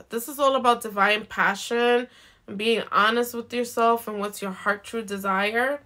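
A woman giving a live zodiac card reading in a gentle, reassuring way, repeating herself and often checking in with "okay?". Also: medium pitch. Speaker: intuitive card reader.

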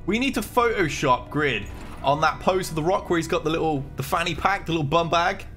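A man's voice: fairly high pitch, animated, fairly quick, a bit bright, faint music behind. Jittery man streaming a game. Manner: chatty, jokey, reads game dialogue aloud. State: jittery from coffee. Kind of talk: live gameplay commentary.

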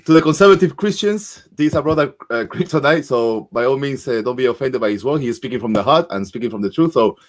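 A man's voice: mid-range voice, expressive, fast, hardly any pauses. Man hosting a live stream.

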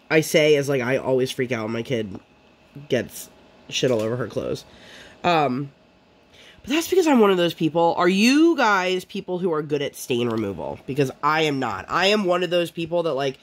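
A woman vlogger chatting casually while she crafts, rambling and full of fillers. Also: low-pitched.

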